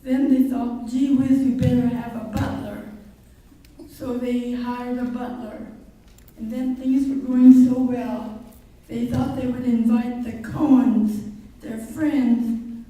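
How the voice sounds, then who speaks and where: A woman tells jokes to a room with deadpan setups. Her voice is high and very mellow and her delivery slow, and the sound is distant and boomy, as if caught by a camera across a large reverberant hall. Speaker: joke teller. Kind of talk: telling jokes to a crowd. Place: reception hall. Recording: echoey hall, far from the mic.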